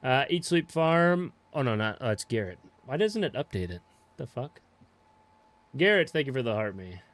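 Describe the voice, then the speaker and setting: A young man casually chatting with viewers while playing a farming game, relaxed and swearing offhandedly. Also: mid-range voice, normal speed. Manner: laid-back, swears casually, greets viewers by name. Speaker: game streamer. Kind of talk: casual live-stream chat while playing.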